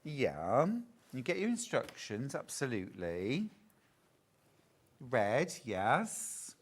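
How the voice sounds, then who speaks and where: Chatty guy hosting a live sewing shop show, lively up-and-down voice, unhurried. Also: mid-range voice. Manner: chatty, playful sales patter. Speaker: TV shopping presenter. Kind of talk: live sewing shopping broadcast.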